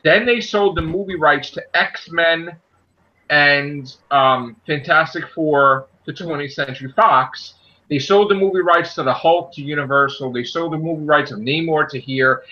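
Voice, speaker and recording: A man's voice: unhurried, muffled recording. A man hosting a casual group podcast, ranting animatedly and acting out quotes. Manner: animated, ranting, acts out quotes in a high shouty voice. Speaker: podcast host.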